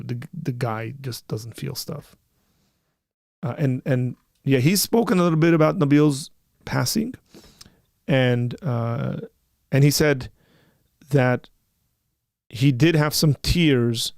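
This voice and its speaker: A man's voice: medium pitch, creaky, darkish tone, no room sound, clean studio sound. A man hosting a casual call-in livestream, joking and rambling with frequent restarts. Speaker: livestream host.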